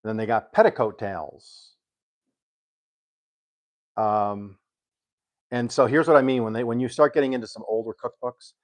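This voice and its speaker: An older man casually chatting on a cooking live stream, rambling and pausing with ums as he reads aloud. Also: medium pitch. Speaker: home cook hosting a live stream.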